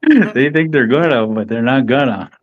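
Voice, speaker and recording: A middle-aged man, a professional boxer, answers interview questions in a relaxed, halting way with frequent restarts. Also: medium pitch. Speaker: professional boxer, podcast guest. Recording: dull, dry audio.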